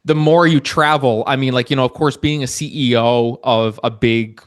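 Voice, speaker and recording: A man's voice: mid-range voice, steady tone, moderate pace. Rambling, chatty male podcast host. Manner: rambling, many restarts and fillers, laughs easily. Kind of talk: casual podcast interview.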